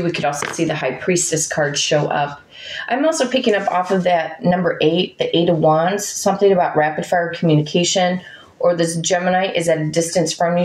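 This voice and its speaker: Musing over every card she draws, a woman gives her viewers a chatty tarot reading, pausing to speak to her dog between cards. She has a lowish, slightly mellow voice, and the recording carries the echo of the room.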